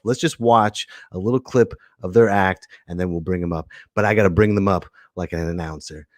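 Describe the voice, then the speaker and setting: A man's voice: low voice, no room sound, clean studio sound. A man hosting a comedy show, riffing sarcastically in a casual monologue.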